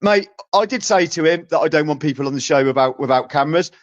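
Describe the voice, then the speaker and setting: A man's voice: a little high, quick pace. A man hosting a livestream, flustered and stammering as he pleads with guests. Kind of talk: heated livestream argument. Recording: muffled lo-fi stream audio.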